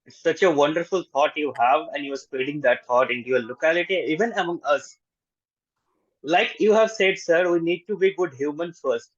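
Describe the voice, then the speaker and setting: A man's voice: on the high side, normal speed. Polite man hosting a webinar, lo-fi audio. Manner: polite, addresses the speaker as sir. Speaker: webinar host. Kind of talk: moderating a webinar.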